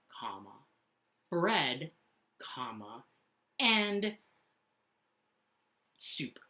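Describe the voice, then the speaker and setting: A woman teaching punctuation to young children in a slow, sing-song voice, often checking in with "okay?". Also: low-pitched, pushed and bright. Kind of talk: classroom lesson for children.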